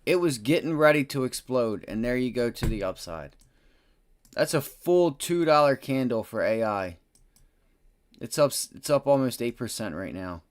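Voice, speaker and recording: Profane, excitable male trading streamer. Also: clean tone. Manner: profane, blunt, excitable, swings from muttering low to loud bursts. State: frustrated. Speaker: livestream day-trading host. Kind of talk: live trading commentary.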